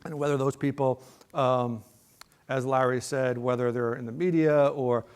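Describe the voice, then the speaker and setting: A man's voice: medium pitch, fairly even intonation, moderate pace, a little mellow, smooth. Middle-aged man speaking with frequent fillers. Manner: conversational, with frequent fillers and rhetorical "okay?". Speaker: guest speaker, polling director. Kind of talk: conference talk and TV interview.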